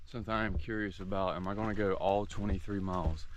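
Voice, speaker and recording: A man's voice: low voice, fairly even intonation, fast, heavy background noise. A man with a Southern American accent, tired and sore, chatting to the camera as he vlogs a long hike outdoors on a forest trail. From southern United States. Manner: chatty, talking to the camera while hiking. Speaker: hiking vlogger. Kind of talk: casual vlog narration on the trail.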